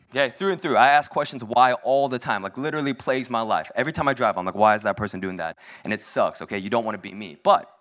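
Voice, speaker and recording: A man's voice: on the low side, fairly bright tone. A young man giving a casual, humorous sermon at a church service, self-deprecating and chatty, with lots of "like"s. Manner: self-deprecating, joking, conversational with many "like"s.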